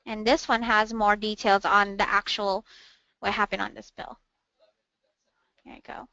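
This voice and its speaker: A woman walking viewers through a software demo step by step, calmly narrating each click in a webinar. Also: a little high, no echo. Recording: dull, dry, lo-fi webinar audio.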